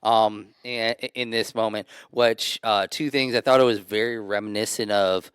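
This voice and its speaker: Man, podcast co-host, smooth low voice, opinionated casual delivery. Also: steady tone, moderate pace, a bit bright, no echo, studio quality. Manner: opinionated, restarts often. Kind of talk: casual review chat.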